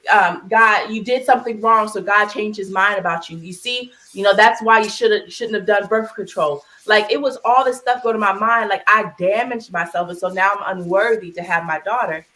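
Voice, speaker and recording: A podcast co-host talks earnestly and openly about something painful while cooking, her voice close to tears, heard over a video call with poor audio. Her mid-range, bright voice has a forceful tone and moves at a moderate pace with few pauses, though she restarts and uses fillers.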